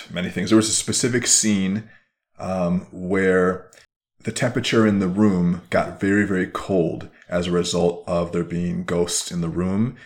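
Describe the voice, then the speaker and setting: A podcast host, a man, talking in a slow, measured, flat way while he goes through a guided exercise. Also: sits low. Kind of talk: casual conversation, responding to an exercise.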